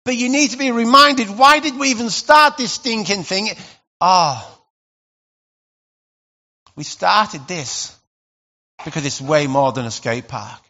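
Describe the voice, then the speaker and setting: Bright high-voiced male preacher. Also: takes it slowly, long pauses, dull audio. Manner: animated, conversational preaching with sudden loud bursts. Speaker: pastor. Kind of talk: sermon.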